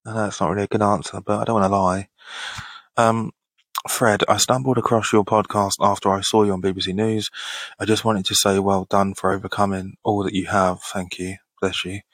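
This podcast host, a man in his thirties, reads out listener questions and answers them in a relaxed Q&A format, laughing often and swearing casually. His voice sits fairly low and level in tone, a little fast and slightly bright, with no room sound.

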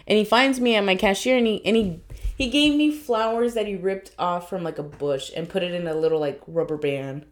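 A young woman spinning casual stories on a podcast, middle-pitched and animated. She slips into the voices of the people in her stories and swears without a second thought. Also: fairly quick. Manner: animated, acts out quoted voices, swears freely. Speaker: podcast co-host. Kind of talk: casual storytelling chat.

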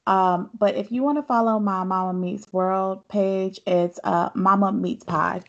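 A woman in her thirties talks frankly in casual podcast chat, mid-pitched and down to earth. Her voice comes through a somewhat dull, muffled mic. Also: fairly even intonation, creaky. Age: 30s. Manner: frank, candid, quick to laugh. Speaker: podcast guest and fellow podcast host.

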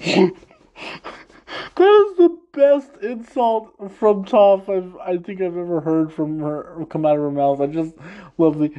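A man's voice: medium pitch, dark tone, muffled recording. Chatty man laughing through a recap. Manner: chatty, laughing often, acting out quotes in funny voices. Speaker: podcast host recapping an episode. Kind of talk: casual recap talk.

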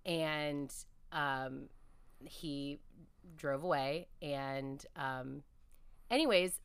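A woman's voice: low voice, extremely slow, clean tone, dry recording. A woman speaking as a podcast guest, telling reflective, earnest stories about her faith in a conversational interview.

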